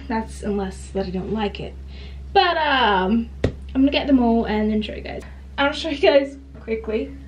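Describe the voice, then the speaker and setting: A woman's voice: on the high side, animated, unhurried, a little hiss or hum. A woman chatting in a bubbly, rambling way as a book vlogger. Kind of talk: chatty vlog.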